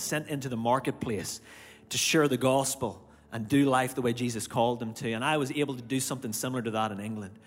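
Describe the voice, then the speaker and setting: Irish man preaching in a reverberant hall. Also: medium pitch. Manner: animated personal storytelling, acting out his own reactions. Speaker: church speaker. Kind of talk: sermon storytelling. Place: church auditorium. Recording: long hall reverb, faint music behind. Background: faint music.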